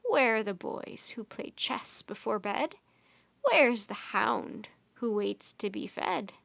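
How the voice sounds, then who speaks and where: A woman's voice: medium pitch, lively intonation, slow pace, gravelly, a bit bright, no echo, heavily acted. A woman reading the part of a frightened old village woman who speaks in a cracked, feeble voice and chants in rhyme. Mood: eerie. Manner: rhyming, eerie chant.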